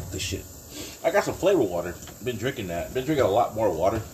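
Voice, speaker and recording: A man's voice: on the low side, big pitch swings, normal speed, noisy background. Rambling, profane man hosting a podcast. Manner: rambling and profane, with bursts of laughing outrage. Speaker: podcast host. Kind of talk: casual solo podcast rant. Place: home kitchen.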